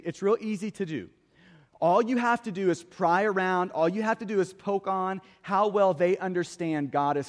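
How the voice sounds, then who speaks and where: A man's voice: sits high, long reverb tail. A man preaching a sermon as pastor, earnest, often repeating the first word of a phrase. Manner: earnest, repeats words when starting phrases. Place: church hall.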